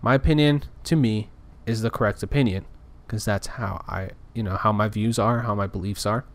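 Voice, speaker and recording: A man's voice: fairly low pitch, normal speed. A man talking in a casual, rambling rant, frustrated and full of restarts. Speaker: podcaster. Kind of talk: casual ranting monologue.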